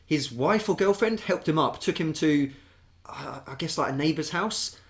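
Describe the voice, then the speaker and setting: A man with a British accent, co-hosting a podcast and telling stories in an animated, sweary way. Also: fairly high pitch, moderate pace. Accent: British English. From England. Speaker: podcast co-host. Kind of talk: casual storytelling chat.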